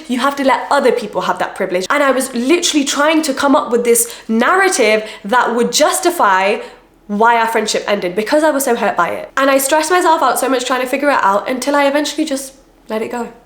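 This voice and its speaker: A young adult woman giving direct, earnest self-help advice in a vlog to camera. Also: high voice. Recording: roomy echo.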